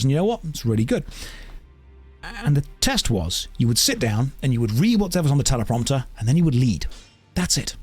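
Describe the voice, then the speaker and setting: A man streaming a game and chatting casually, wandering through anecdotes and tangents in an animated way. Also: mid-range voice. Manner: animated storytelling. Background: faint game music.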